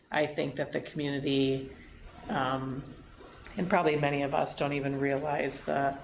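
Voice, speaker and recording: A woman's voice: low voice, gravelly, slight background noise. A woman on a school board thanking a departing staff member, speaking earnestly and appreciatively. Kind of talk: meeting remarks. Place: school board meeting room. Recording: echoey meeting room.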